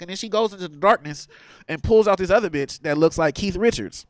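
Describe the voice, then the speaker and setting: A man doing a crude, animated stand-up comedy set in a theater, laughing through his story. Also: high-pitched, moderate pace, pauses often, no room sound.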